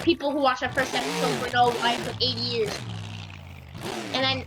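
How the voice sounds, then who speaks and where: A woman YouTuber giving rambling, excitable, jokey commentary over gameplay. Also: sits high, brisk, poor audio. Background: loud music.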